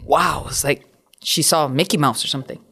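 A woman's voice: deep voice, brisk, vocal fry, husky. A woman, a teacher co-hosting a podcast, telling stories in casual chat and laughing often. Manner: expressive storyteller, laughs often.

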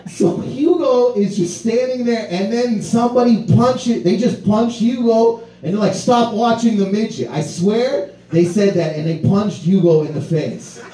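A man with a high voice tells a rowdy comic story, swearing freely and laughing through his lines. He sits back from the mic, and the room adds a roomy echo. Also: measured pace, hardly any pauses, recorded from a distance. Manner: animated, profane, laughs through his words.

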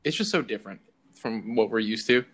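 A young man from the American South, co-hosting a podcast in a relaxed, joking way and laughing often. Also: on the low side, brisk. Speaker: podcast co-host. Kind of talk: casual chat.

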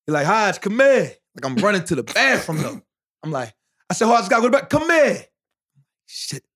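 A man's voice: high-pitched, fairly quick, dry recording. Slangy man, dry close mic. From Philadelphia. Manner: animated storyteller, acts out quotes, slangy. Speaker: podcast co-host. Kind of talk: casual storytelling among friends.

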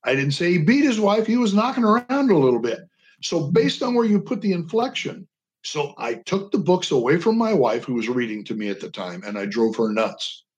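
With a higher-leaning, animated voice at a normal pace, an older man, a veteran advocate, tells passionate, earnest stories as a radio interview guest on a call-in line, using inflection to emphasize. The audio is dull.

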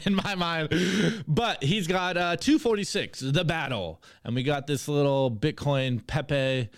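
A male podcast host reading and reacting to memes in an energetic, hype way. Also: on the high side, clear, resonant tone, dry recording, clean studio sound. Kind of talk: meme review segment on a podcast.

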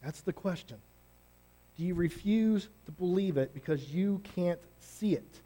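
A pastor preaching a sermon in an energetic, conversational, emphatic way. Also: male voice, sits high, measured pace.

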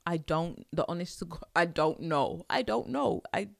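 Low-voiced woman musing on parenting. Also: lively intonation, normal speed, creaky, dry recording, studio quality. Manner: chatty, rambling, laughs often. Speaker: podcast host. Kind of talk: casual monologue.

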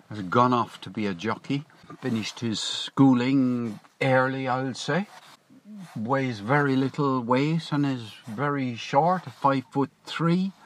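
A man with a medium-pitched, slightly bright voice rambles through a long story to the camera in a casual vlog. Sitting in a parked car, he chats away, keeps correcting himself, and wanders off into asides.

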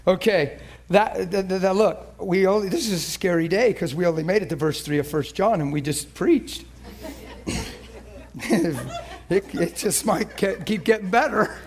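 A man's voice: sits high, unhurried. A male preacher delivering an emotional sermon, moving between playful banter, laughter and earnest prayer.

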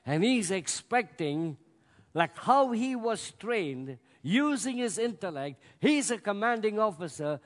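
Guy preaching a sermon, high voice, big emphatic swings, echoing through a hall. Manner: emphatic, rising to loud peaks, acts out scripture voices. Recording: long hall reverb.

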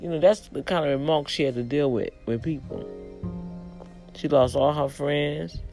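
A woman casually retelling a story, lively and expressive, acting out the people in it and dropping in religious asides. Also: normal speed, over music, low-quality recording. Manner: animated, acts out quoted voices with big pitch jumps.

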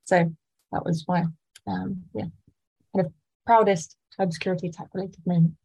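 A woman's voice: fairly low pitch, steady tone, normal speed, vocal fry, dark tone, slightly rough, poor audio. A woman working as a product manager, explaining things casually as a podcast guest. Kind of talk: podcast interview.

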